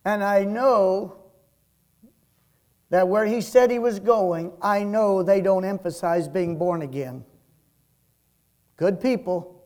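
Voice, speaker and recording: Slow, high-voiced preaching man. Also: steady tone. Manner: slow, emphatic preaching that swells and drops in loudness. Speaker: pastor. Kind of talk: sermon.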